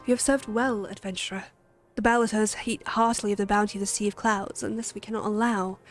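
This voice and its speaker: A woman's voice: medium pitch, fairly even intonation, quick pace, faint music behind, close to an everyday voice. A woman voicing a lofty crusading knight, declaiming proudly.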